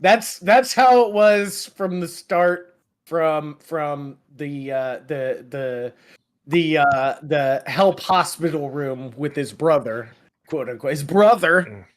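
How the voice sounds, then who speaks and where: A man hosting a casual podcast chat, laid-back and quick to laugh. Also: a little high. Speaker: podcast host.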